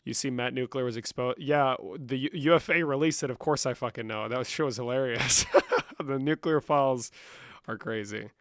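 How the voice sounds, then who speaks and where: A man's voice: mid-range voice, normal speed, fairly bright tone, dry recording, clean studio sound. A young man live-streaming, casually reading chat comments and answering them with lots of swearing. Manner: profane, reads chat aloud and answers.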